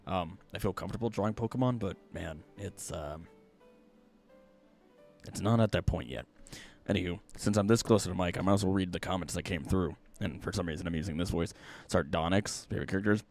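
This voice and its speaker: A man's voice: low-pitched, fairly quick, faint music behind. A man who streams and does voice acting, chatting casually with his viewers and reading their comments aloud in a jokey way. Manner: animated, jokey, reads chat aloud. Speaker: streamer and voice actor. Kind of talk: casual livestream chat.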